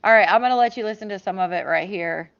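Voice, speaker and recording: A woman's voice: medium pitch, quick pace, gravelly, highs cut off, slight background noise. A woman hosting a casual commentary stream, reacting bluntly to video clips with disbelief and some swearing. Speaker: host.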